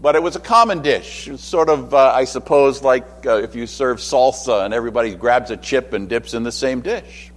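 A man's voice: medium pitch, moderate pace, few pauses, big-room sound. A man preaching a sermon in a conversational way, with asides and acted-out quotes.

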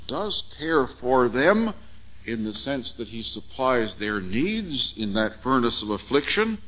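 A man preaching an expository sermon, measured and emphatic, with deliberate pauses on key words. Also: mid-range voice, sharp tone, rough recording.

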